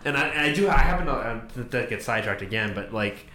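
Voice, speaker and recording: A man's voice: medium pitch, expressive, quick pace, bright, forceful tone. Easygoing man chatting in an echoey room. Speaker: podcast co-host. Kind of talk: casual movie review chat.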